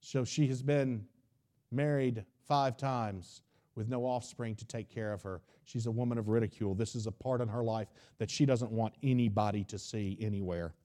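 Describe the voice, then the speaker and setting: Male preacher, casual storytelling sermon, warm dark tone. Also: mid-range voice, fairly even intonation, moderate pace. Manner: retells the story in a folksy, conversational way and acts out its dialogue.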